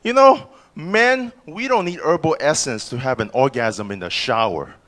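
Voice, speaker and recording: A male comedian doing a live stand-up set in a comedy club, stammering on restarts and jumping into loud voices for the people he quotes. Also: medium pitch, lively intonation, normal speed.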